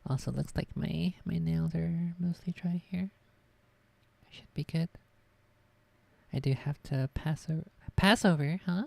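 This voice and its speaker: A woman's voice: sits low, a little slow, gravelly, long pauses, no echo. A woman streaming from her desk at home, chatting casually and rambling offhand. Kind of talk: casual live-stream chat.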